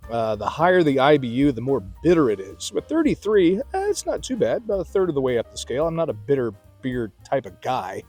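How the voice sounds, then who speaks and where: A man's voice: medium pitch, big pitch swings, fairly quick, few pauses, darkish tone, slightly rough. A middle-aged man hosts a casual beer review vlog outdoors in a garden at night. He talks in a chatty, folksy way and drifts into rambling asides. Faint music plays in the background.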